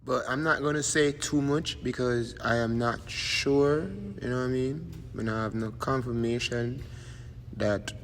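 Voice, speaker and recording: A man's voice: medium pitch, measured pace, fairly bright tone. A man with a Jamaican accent giving rambling casual commentary as a YouTube host, tagging lines with "you see me". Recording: long reverb, faint background noise.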